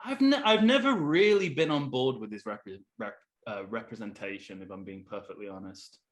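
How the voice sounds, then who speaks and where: Halting man trailing off on a podcast. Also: mid-range voice. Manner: halting, many restarts, trails off quietly. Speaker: podcast co-host. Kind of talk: casual film discussion.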